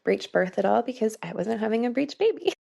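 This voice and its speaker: A woman's voice: on the high side, expressive, fairly quick, vocal fry, dark tone, breathy edge. A woman in her thirties telling a personal story in a podcast interview, earnest, with many "like" fillers and frequent laughs. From Canada. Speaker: guest.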